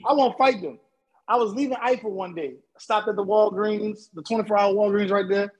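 Husky, high-voiced New man. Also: fairly quick, poor audio. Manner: laughing, expressive storyteller. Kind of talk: casual chat.

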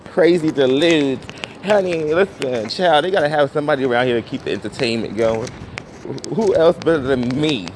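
A man's voice: mid-range voice, lively intonation, normal speed. A man hosting his podcast in a casual street monologue, joking playfully and flamboyantly with strangers while out in the city. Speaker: podcast host. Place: outdoors on a city street and in a restaurant. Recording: noisy outdoor city ambience.

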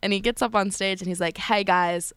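A woman's voice: mid-range voice, fairly even intonation, fast, a bit bright, smooth, no echo, clean studio sound. A young woman hosting a college radio show, chatting casually and gossiping with a laugh.

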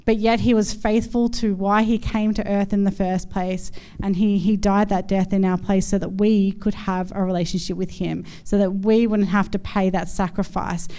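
A woman's voice: medium pitch, little pitch movement, normal speed, dark tone, clear, resonant tone. A woman in her thirties, a pastor giving a chatty, conversational sermon full of everyday stories and fillers. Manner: chatty, storytelling, many fillers.

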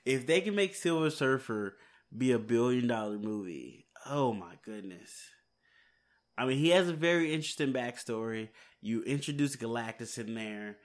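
Tired, rambling male podcast host. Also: medium pitch. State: hiccups. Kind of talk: casual solo podcast chat. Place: home, late at night.

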